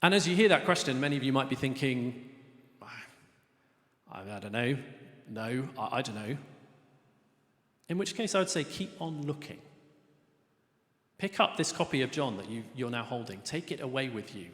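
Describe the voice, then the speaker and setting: A man's voice: medium pitch, expressive, fairly quick, fairly bright tone. A middle-aged man giving an earnest, conversational evangelistic talk to students, telling stories as he goes. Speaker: speaker. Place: lecture hall. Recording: echoey hall reverb.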